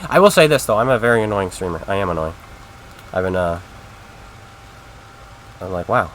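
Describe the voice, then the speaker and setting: A man's voice: sits low, animated, normal speed, a bit bright, a little hiss or hum. Rambling man streaming a game. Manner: rambling, chatty, talks straight to his chat. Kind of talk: casual live-stream commentary.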